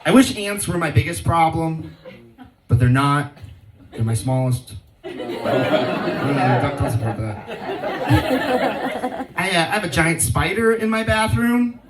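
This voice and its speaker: A man's voice: on the high side, very animated, takes it slowly, long pauses, heavy background noise. A man in his thirties performing a stand-up comedy set, with a laid-back stoner delivery and rhyming riffs. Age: 30s. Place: live comedy show venue. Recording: roomy live venue, distant mic, loud crowd laughter.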